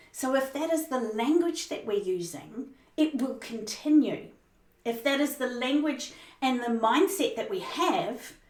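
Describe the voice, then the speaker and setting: A fairly high-pitched woman coaching on leadership with emphatic, expressive delivery. She rushes some phrases and stretches others for effect. Her voice carries the echo of a roomy space, picked up from a little way off the mic. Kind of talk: motivational teaching talk. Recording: roomy sound, mic at a distance.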